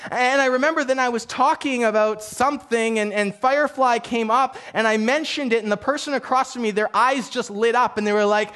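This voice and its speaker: A man's voice: very high voice, a little fast, few pauses, fairly bright tone, smooth. A man preaching as a pastor in a church, talking in a conversational, self-deprecating way with frequent restarts. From Canada. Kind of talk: sermon.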